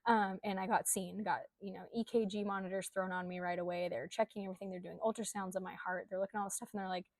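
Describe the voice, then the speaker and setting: A woman's voice: medium pitch, little pitch movement, quick pace, no room sound. A young adult woman telling a personal story in a candid, conversational way, with frequent ums and likes. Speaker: coach.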